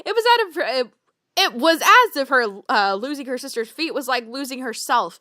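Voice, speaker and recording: High bright woman reading aloud, stumbling. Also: lively intonation, moderate pace, no echo, studio quality. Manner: stumbles over words, bursts of disbelieving laughter. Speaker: fanfiction reader. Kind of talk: comedic read-aloud with reactions.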